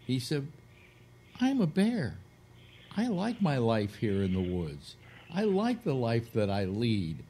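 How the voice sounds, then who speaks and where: A man's voice: mid-range voice, wildly swooping pitch, a little slow, dark tone, a little hiss or hum. A man hosting a casual radio talk show, telling a long crude joke with acted-out quotes. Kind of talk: casual radio chat, storytelling.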